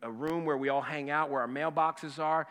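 A man in his fifties preaching a sermon, emphatic and impassioned, then dropping to a hushed voice for a personal story. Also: a little high, steady tone, normal speed, smooth. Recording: long hall reverb.

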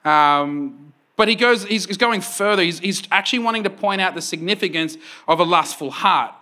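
A man in his thirties preaches, his voice bright and forward and sitting a little above the usual male range. He tells stories in an animated way, laughing often. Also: high-pitched, moderate pace. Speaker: pastor. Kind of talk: sermon.

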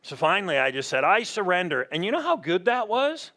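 This middle-aged pastor preaches with a high-sitting voice at a slightly quick pace. His sermon feels animated and conversational, and he acts out little voices to illustrate what he means.

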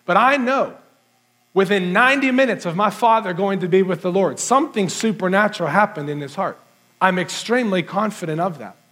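A pastor giving an earnest sermon, telling a personal story in a conversational way with many fillers. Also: male voice, high-pitched, fairly quick, a bit bright.

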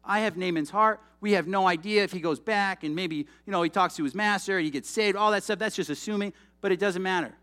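A young man preaching a sermon in a casual, animated, conversational way, with frequent asides to the congregation. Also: high voice, fairly quick, hardly any pauses.

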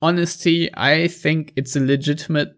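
A man with a German accent hosting a casual football podcast, chatty and relaxed. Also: on the high side, moderate pace. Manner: relaxed, chatty, laughs easily. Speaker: podcast host.

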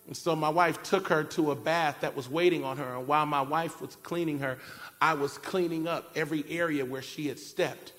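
A man preaching a sermon, telling a family story in an animated way and acting out shouted cries. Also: a little high, a little fast. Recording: long reverb of a large hall. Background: keyboard music.

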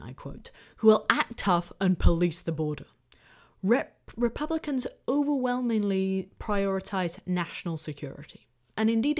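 A woman hosting a podcast, reading a prepared essay in a measured, analytical way, often dropping to a near-whisper at the ends of phrases. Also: medium pitch, darkish tone. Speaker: podcast host.

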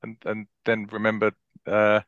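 A man on a football podcast, speaking haltingly with stumbling starts. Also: fairly low pitch, completely flat delivery, a bit bright, no echo, highs cut off. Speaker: podcast guest. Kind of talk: casual football podcast chat.

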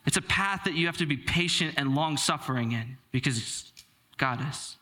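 Young male preacher, chatty and self-deprecating, high bright voice. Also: expressive, normal speed. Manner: conversational, self-deprecating storytelling with filler words. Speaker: pastor. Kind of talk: sermon with personal story.

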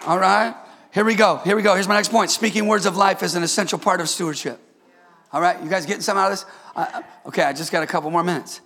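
Male preacher, high gravelly voice, call-and-response sermon, playful asides. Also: steady tone, fast talker, bright, forceful tone. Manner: playful, joking with the congregation.

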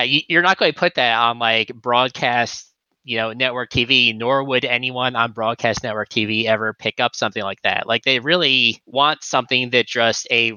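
A man's voice: mid-range voice, sharp tone, no echo, muffled recording. A man co-hosting a podcast in casual chat, rambling with lots of fillers and restarts. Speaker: podcast co-host.

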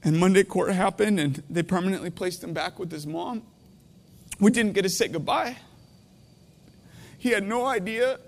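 A man's voice: high voice, moderate pace, pauses often, in a large hall. Tearful man preaching from the heart. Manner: heartfelt, voice breaking, swinging between quiet and intense. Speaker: pastor. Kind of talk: emotional sermon.

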